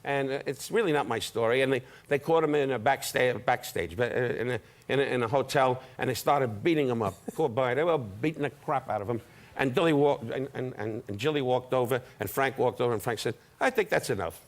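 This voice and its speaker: A man's voice: mid-range voice, fairly quick. An older man, a comedian guest on a talk show, teasing the host in brash insult-comic banter over studio audience noise.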